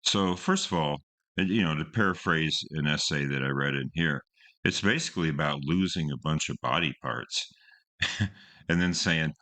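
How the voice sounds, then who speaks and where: A man's voice: rumbling low, moderate pace, sharp tone. A man hosting a song-reaction show, talking casually with many fillers and restarts. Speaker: host reviewing songs. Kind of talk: casual commentary.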